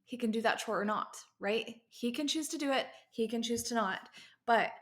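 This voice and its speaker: A woman's voice: on the high side, normal speed. A woman in her thirties hosting a parenting podcast, telling a story with many asides in a casual pep-talk style.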